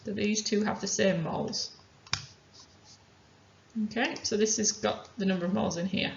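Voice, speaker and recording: A woman's voice: mid-range voice, steady tone, normal speed, gravelly, slight background noise. Give me a methodical woman explaining chemistry problems, recorded in a roomy space. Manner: methodical, talks through each step aloud. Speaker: chemistry teacher. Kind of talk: worked-example lesson. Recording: roomy, dull lo-fi sound.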